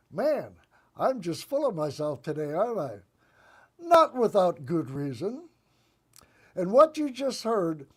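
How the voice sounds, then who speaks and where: Man delivering a deadpan comedy monologue. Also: sits high. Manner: deadpan joke delivery with sarcastic asides. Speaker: host. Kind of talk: satirical political comedy monologue.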